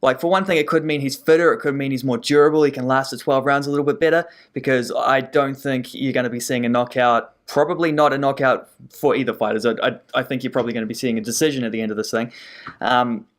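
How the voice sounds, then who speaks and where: A man talks through his analysis as a podcast co-host. His delivery is relaxed and loose, full of ums, restarts and trailing phrases. His voice sits at an ordinary middle pitch for a man. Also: quick pace. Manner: relaxed, thinks aloud with many ums and restarts. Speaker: co-host, sports pundit. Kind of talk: casual sports podcast chat.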